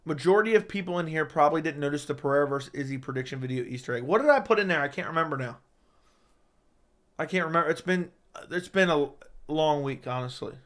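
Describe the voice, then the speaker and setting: A man hosting a casual livestream, reading viewer questions out loud and answering them in a chatty, joking way. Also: fairly high pitch, fast. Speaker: livestream host.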